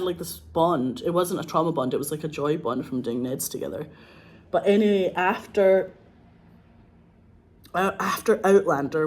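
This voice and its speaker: A Scottish woman, an actress, talking casually and excitedly, gushing and swearing, with a frog in her throat. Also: deep voice. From Scotland. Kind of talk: casual monologue.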